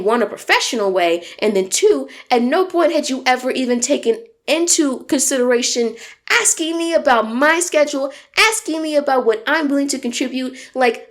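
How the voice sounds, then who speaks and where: Animated woman venting a storytime. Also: sits high. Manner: animated, emphatic, profane venting. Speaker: vlogger. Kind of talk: storytime vlog.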